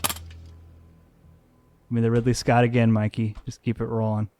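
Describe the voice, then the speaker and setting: A man running a quiz game on a podcast, with a voice at a middling pitch. He keeps the game moving with crude jokes and a loose, game-show manner. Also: monotone, measured pace, warm tone. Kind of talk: casual chat.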